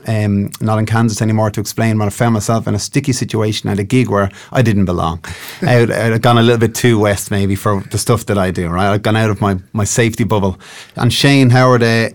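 A middle-aged man from Dublin with an Irish accent, a singer-songwriter chatting loosely in an interview with lots of fillers and restarts. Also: on the low side. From Ireland. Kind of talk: casual interview chat.

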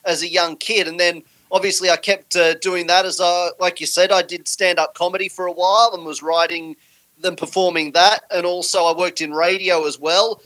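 An Australian man, a filmmaker guest, answering in a relaxed, joking way with frequent "uh"s. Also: sits high, moderate pace, low-quality recording. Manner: relaxed, joking, says "uh" often. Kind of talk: casual interview answers.

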